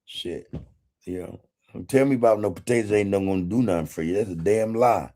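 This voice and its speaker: A man's voice: fairly low pitch, a little fast, mellow. A man hosting a casual livestream, reading chat comments in a laid-back way, swearing freely and chuckling often. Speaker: podcast host reading live chat.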